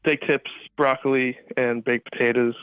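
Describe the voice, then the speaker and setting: A man's voice: mid-range voice, flat delivery, normal speed, smooth, dry recording, narrow, tinny audio. A man calling in to a show, chatting in a friendly, hesitant way with many fillers. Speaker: caller. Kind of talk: casual phone chat.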